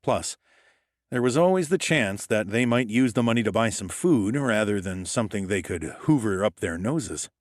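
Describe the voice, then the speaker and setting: Low-voiced wry hardboiled male narrator. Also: animated, moderate pace, dry recording. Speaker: audiobook narrator. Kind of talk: scripted first-person narration.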